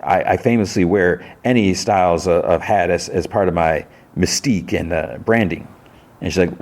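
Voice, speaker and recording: Male podcast host, deep voice, chatty scene-by-scene recap, quick character voices. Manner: animated retelling with quick bursts of higher voice for quoted characters. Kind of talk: casual recap, acting out characters' lines.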